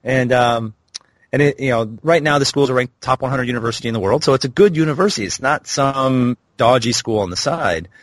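A man's voice: mid-range voice, fairly quick, no room sound. A man in his thirties, a podcast guest, candidly telling a personal story in a reflective way. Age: 30s. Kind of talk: storytelling interview.

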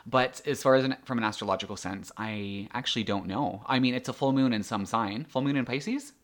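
A woman's voice: rumbling low, brisk. A woman co-hosting a podcast who chats casually, laughs easily and explains things. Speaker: podcast co-host. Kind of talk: casual chat.

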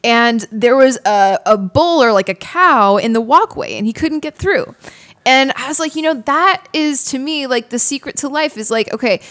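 A woman's voice: high-pitched, expressive, normal speed, a bit bright. A woman hosting a casual podcast chat, rambling with lots of "like" and fillers. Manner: rambling, filler-heavy, frequent "like".

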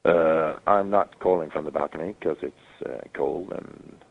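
A man's voice: extremely low pitch, gravelly. Feverish man rambling on a phone line. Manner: halting, rambling, many fillers. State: sick with a fever. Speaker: caller.

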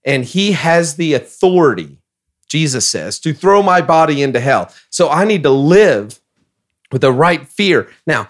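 Emphatic pastor, a man with a slightly higher voice. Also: sing-song, a little slow. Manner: emphatic, reads scripture passages aloud. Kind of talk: casual podcast discussion.

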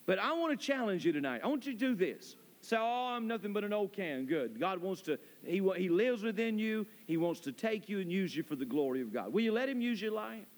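A man's voice: high-pitched, big pitch swings, brisk, few pauses. A man preaching a sermon as pastor, building emphasis through repetition. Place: church sanctuary. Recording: long reverb of a church hall.

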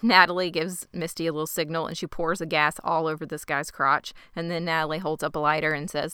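Crisp, bright-voiced woman recapping a show. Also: fairly low pitch, steady tone, a little fast, few pauses, no room sound, studio quality. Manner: wry, playfully reenacts lines. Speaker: podcast co-host. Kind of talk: casual TV recap chat.

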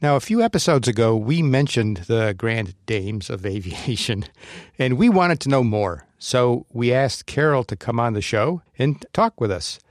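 A man's voice: mid-range voice, animated, unhurried, no echo, studio quality. A man hosting a podcast, reading introductions and laughing easily in casual chat. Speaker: podcast host.

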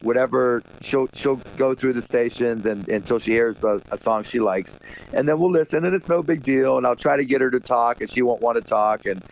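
A man's voice: mid-range voice, fairly quick, vocal fry, highs cut off. A middle-aged man chatting as a guest on a radio show, rambling with lots of fillers and laughing often. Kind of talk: casual radio interview chat.

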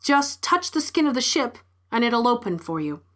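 A woman voicing a calm alien oryx beast that gently persuades the animals to board its ship. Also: a little high, normal speed. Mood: coaxing.

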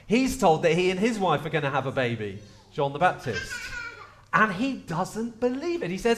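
A man preaching a lively sermon at a carol service, chatty and playful as he talks straight to the congregation. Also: high-pitched, moderate pace, noisy background. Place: church.

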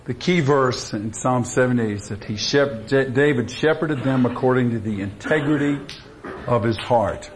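A man's voice: mid-range voice, normal speed, slight background noise. A middle-aged man with a Southern Louisiana accent, a conference speaker giving a folksy talk, telling stories in a drawling, easygoing way. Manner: folksy storyteller, drawling asides. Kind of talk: folksy talk with a joke opener.

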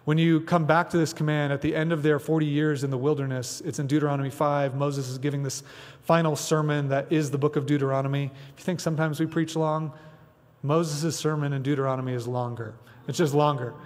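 A man's voice: on the high side, flat delivery, brisk, darkish tone, big-room sound. A man preaching a sermon as pastor, chatty and conversational with frequent asides. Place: church sanctuary.

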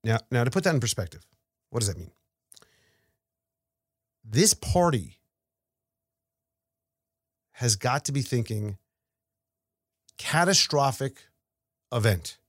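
Animated, stammering man talking markets. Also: medium pitch, takes it slowly, long pauses, dry recording, clean studio sound. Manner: rambling, stammering restarts, animated. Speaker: podcast co-host. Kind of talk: casual market chat.

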